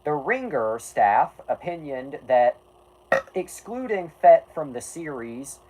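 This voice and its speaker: A livestream host reads an article aloud and keeps breaking off to riff with chat. The voice rises and falls a lot from line to line. The asides are sarcastic and self-deprecating, and each one ends with a flat "anyway" before the reading picks up again. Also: mid-range voice, takes it slowly, rough recording. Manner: often breaks off mid-sentence, restarts with "anyway". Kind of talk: casual stream chat and read-aloud.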